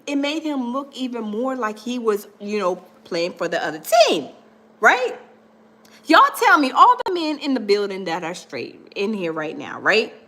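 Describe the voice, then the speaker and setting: A woman hosting a gossip livestream, chatting with viewers in an animated, emphatic way. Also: high voice. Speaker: gossip show host.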